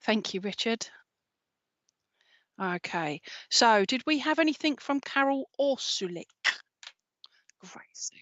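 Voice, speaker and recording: A woman working as a psychic medium, giving a gentle, reassuring live reading and often checking in with "okay?". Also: fairly high pitch, animated, takes it slowly, long pauses, no room sound, lo-fi sound.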